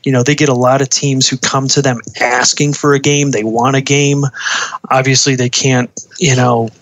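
A man's voice: mid-range voice, little pitch movement, normal speed, a bit bright. A man who works as a uniform designer, speaking casually in an interview, with many ums, uhs and restarts. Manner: hesitant, many fillers and restarts.

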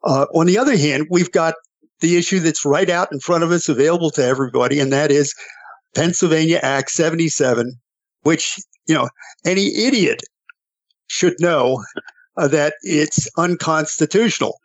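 A man on a political discussion panel, speaking in a measured, deliberate way with drawn-out emphasis. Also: fairly high pitch, dry recording, dull audio. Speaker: panel guest.

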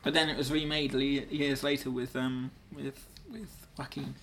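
Brief: deadpan interviewer needling a guest, mid pitch, noticeable background noise. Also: normal speed. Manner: dry, teasing, deadpan put-downs. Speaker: mock interviewer. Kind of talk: improvised comedy chat.

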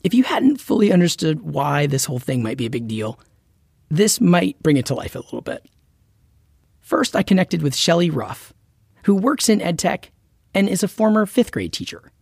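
A podcast host reading a scripted narration in a measured, explanatory way. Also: mid-range voice, sing-song, a little mellow, no echo, clean studio sound. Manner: clear, measured explainer delivery.

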